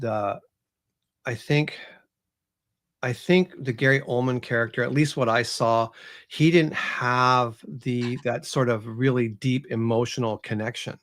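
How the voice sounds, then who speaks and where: A man's voice: medium pitch, fairly even intonation, measured pace, fairly bright tone. A male author as an interview guest, retelling scenes casually and animatedly with lots of "you know".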